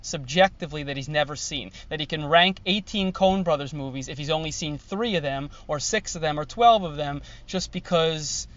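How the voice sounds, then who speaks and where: A man's voice: on the high side, normal speed, hardly any pauses, fairly bright tone. Wisecracking New York guy on a muffled line. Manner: joking, wisecracking. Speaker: guest. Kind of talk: casual chat.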